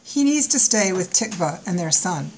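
An actress playing an eager, warm-hearted geneticist in her thirties in an audiobook, speaking earnestly. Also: fairly low pitch, big pitch swings, moderate pace, slight background noise, low-quality recording. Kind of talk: audiobook character voice.

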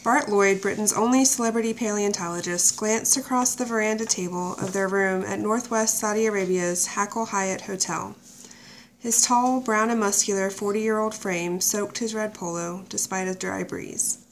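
A woman's voice: medium pitch, normal speed, slight background noise, low-quality recording. Woman narrating an audiobook.

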